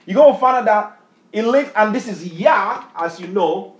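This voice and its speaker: High-voiced emphatic preacher man. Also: lively intonation, moderate pace. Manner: emphatic, repeats questions for the reader to answer. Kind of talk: street-style bible teaching sermon.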